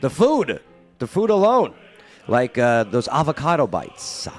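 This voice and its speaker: A man's voice: mid-range voice, wildly swooping pitch, measured pace, faint music behind. A man co-hosting a talk show, joking and teasing while reading ads. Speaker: radio show co-host. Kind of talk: casual banter and ad reads.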